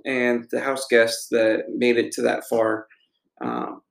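A man co-hosting a podcast, casually chatting through a TV episode in a relaxed, rambling way with frequent ums. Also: medium pitch, slow pace, creaky. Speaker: podcast co-host. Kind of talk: casual chat reviewing a TV episode. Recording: echoey room.

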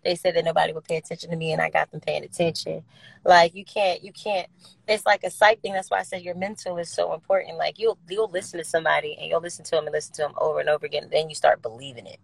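A woman's voice: sits low, quick pace, gravelly, slightly rough, low-quality recording. Brash outgoing woman, blunt and profane. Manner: lively, swings between loud and soft. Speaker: interview guest, recording artist. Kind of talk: candid interview talk.

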